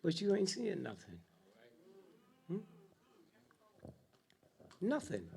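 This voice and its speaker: An older man giving a speech to a live audience in a preaching style, dropping to a low mutter and rising to loud outbursts, with a steady "huh?" and "hmm?" after his lines. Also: slow pace, vocal fry, breathy edge. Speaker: speaker addressing an audience.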